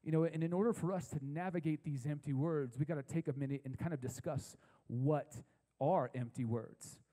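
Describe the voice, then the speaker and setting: A man preaching a sermon to a young adult congregation in a church, chatty and conversational, repeating key phrases slowly for emphasis. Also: a little high, dark tone, long reverb tail, rough recording. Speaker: pastor. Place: church service with a live audience.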